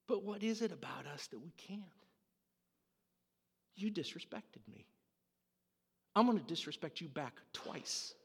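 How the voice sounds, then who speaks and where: A male pastor preaching slowly with a husky voice, his pitch rising and falling widely as he tells stories dramatically. His words carry a long reverb through a church hall. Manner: storytelling, dramatic, animated. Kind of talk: sermon.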